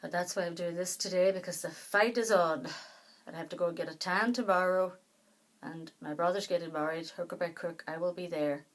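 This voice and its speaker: Breathless woman talking softly. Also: fairly low pitch, steady tone, poor audio. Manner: soft, halting, trailing off. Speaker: doll collector vlogger. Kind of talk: casual chat to camera.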